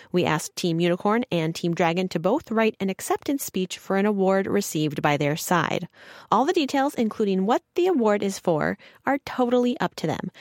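A woman hosting a podcast in a cheerful, energetic scripted style. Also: mid-range voice, dry recording, studio quality. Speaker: podcast host.

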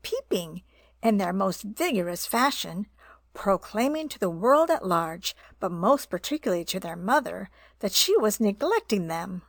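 A woman's voice: medium pitch, no room sound. Woman reading a children's story. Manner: gentle, expressive reading with voiced animal parts.

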